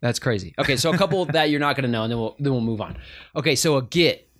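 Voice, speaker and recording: A man's voice: medium pitch, fast talker, fairly bright tone. A man co-hosting a gaming podcast, quizzing his friends in a playful, casual chat and laughing often. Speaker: podcast co-host.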